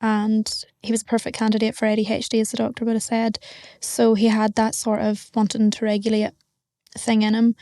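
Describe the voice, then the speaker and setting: A woman's voice: on the high side, completely flat delivery, brisk, mellow, dry recording, studio quality. A young woman with a Northern Irish accent, talking bluntly and frankly as an interview guest. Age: young adult. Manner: blunt, matter-of-fact, frank. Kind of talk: candid interview talk.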